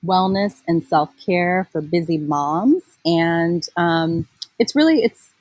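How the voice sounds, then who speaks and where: A woman's voice: lowish voice, takes it slowly, a little mellow, no echo, rough recording. A woman in her forties, a mom blogger, chatting casually as an interview guest with lots of fillers and easy laughter. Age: 40s.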